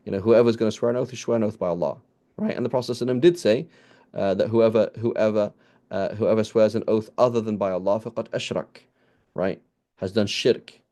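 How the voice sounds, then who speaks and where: Talking fast in a lowish, mellow voice with a steady tone, a teacher leads a conversational scripture lesson. He quotes Arabic phrases, restarts frequently, and checks in with those listening.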